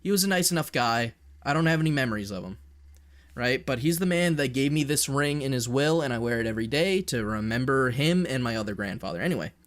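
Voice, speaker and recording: A man's voice: mid-range voice, lively intonation, fast talker. A man, ranting in a blunt, profane way during a casual stream. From Canada. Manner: blunt, profane, heated opinion talk.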